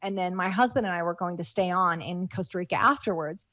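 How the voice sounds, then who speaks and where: A woman's voice: fairly low pitch, quick pace, sharp tone, no room sound. Rambling woman speaking in a dry room. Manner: rambling, many fillers and restarts. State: moved to tears. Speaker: guest. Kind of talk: casual interview talk.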